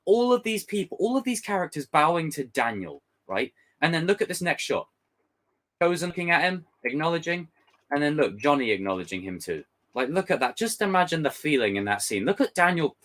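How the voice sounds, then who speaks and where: Excitable man with lively pitch. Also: fairly quick. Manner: passionate, excitable, swears freely. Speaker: pop culture commentator. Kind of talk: emotional trailer breakdown with viewers.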